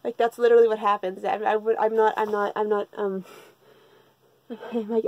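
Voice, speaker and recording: A woman's voice: on the high side, steady tone, moderate pace, darkish tone, dry recording, rough recording. A woman giving a comedic manga recap with profane, sarcastic ranting. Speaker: manga reviewer.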